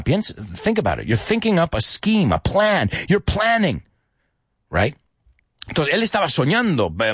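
A middle-aged man, teaching English in a lively bilingual lesson that mixes English and Spanish. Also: medium pitch, breathy edge, dry recording, clean studio sound. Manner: animated, switches between English and Spanish, sings lyric snippets.

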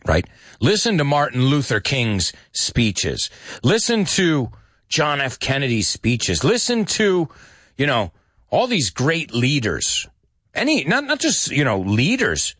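This is a man hosting a casual radio lesson. He is chatty and animated, explains expressions and repeats the key words. His pitch rises and falls a lot, and the sound is dry and close, with no room echo. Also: a little slow. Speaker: radio host and English teacher.

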